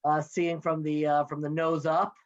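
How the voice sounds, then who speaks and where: A man's voice: a little high, flat delivery. A man in his thirties talking in a casual, playful way as a guest, joining by video call from his home office. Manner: chatty, playful, quick with jokes. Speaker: guest, NCSY education director. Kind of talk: casual interview chat. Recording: dull lo-fi video call audio.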